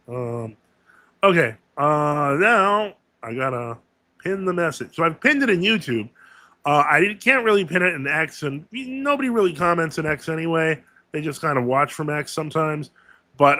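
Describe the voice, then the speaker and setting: A man's voice: fairly high pitch, pushed and bright, no echo. A man hosting a casual live Q&A stream, talking in a rambling way with many fillers and self-corrections.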